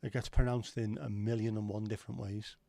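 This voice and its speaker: A man's voice: on the low side, little pitch movement, a little fast, creaky, dark tone, no echo. A man hosting a livestream, rambling and joking as he chats with viewers and swears casually. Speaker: livestream host. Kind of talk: casual chat reading viewer comments.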